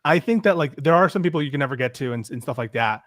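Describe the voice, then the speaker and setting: A man co-hosting a political talk show speaks quickly and with energy, recounting an online exchange. His voice sounds close and dry. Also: on the high side, no room sound. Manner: animated storyteller, reads out messages. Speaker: podcast co-host. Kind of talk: casual political chat.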